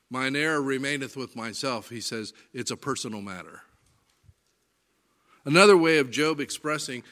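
A man teaching through Bible passages, reading verses aloud and explaining them with lively, varied inflection. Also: medium pitch. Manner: animated, varies inflection and reads scripture aloud.

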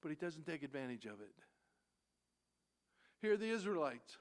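A preacher gives an expository, verse-by-verse sermon in a voice that sits slightly high for a man. He is very animated, his pitch jumping and dropping as he swings from loud, emphatic lines to hushed, near-whispered asides. He reads scripture slowly and deliberately, in a stately King James cadence.

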